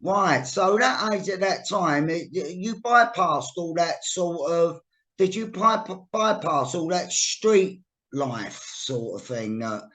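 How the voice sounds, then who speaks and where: A man's voice: fairly high pitch, animated, slow, a bit bright. Enthusiastic man hosting a podcast. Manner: enthusiastic, exclaiming often. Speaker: podcast host. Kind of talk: casual podcast interview.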